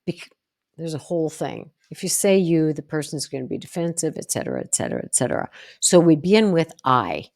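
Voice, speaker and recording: A woman's voice: low voice, very animated, fairly quick, gravelly, darkish tone. A woman psychologist hosting a solo educational podcast, talking bluntly and emphatically and acting out sample phrases. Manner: blunt, down-to-earth.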